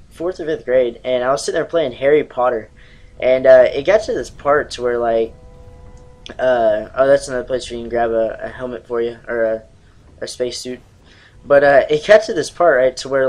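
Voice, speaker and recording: A young man in his twenties chats through his gameplay in a loose, rambling way. He swears freely, laughs between thoughts and drifts off into stories. His voice sits at an everyday middle pitch. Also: darkish tone, rough recording. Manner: rambling, profane, laughs often. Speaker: gaming channel host. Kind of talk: casual gameplay commentary.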